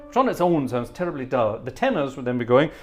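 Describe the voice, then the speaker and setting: A middle-aged man talks in a relaxed, rambling way about his old church choir, like an organist chatting between pieces on a live stream. His voice sits at an ordinary male pitch. He slips into little hummed choir lines and mimicked voices as he goes. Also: fast, over music. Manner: chatty storyteller who hums choir parts and mimics voices. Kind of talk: casual anecdotal chat during a live stream.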